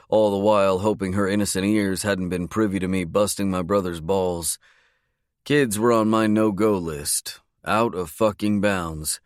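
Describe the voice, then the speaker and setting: A man reading a romance audiobook in a measured, low-key narration. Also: dry recording, studio quality. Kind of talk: scripted narration.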